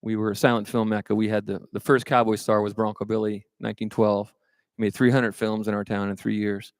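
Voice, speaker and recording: A man's voice: lowish voice, flat delivery, fairly quick, no echo, clean studio sound. A man from California who is a singer-songwriter, chatting and telling self-mocking jokes between songs at a live show. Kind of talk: stage banter and joke-telling between songs.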